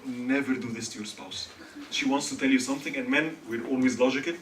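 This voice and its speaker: With jokes and quiz questions for the crowd, a man from Egypt gives a humorous religious talk at a student gathering. He speaks a little fast at medium pitch, with a steady, slightly bright tone. The mic is distant, the hall echoes, and a faint hiss runs underneath.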